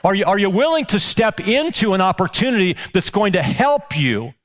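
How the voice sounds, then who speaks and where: A man's voice: sits high, big pitch swings, normal speed, a bit bright. A male pastor preaching a sermon with passion, firing off rhetorical questions and repeating words as he builds.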